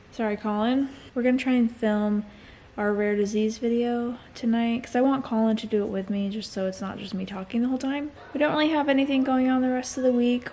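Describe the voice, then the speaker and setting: A woman's voice: fairly high pitch, dark tone, slight background noise. Tired, chatty mom vlogger, a woman. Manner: frank, chatty, laughs often. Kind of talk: casual vlog chat.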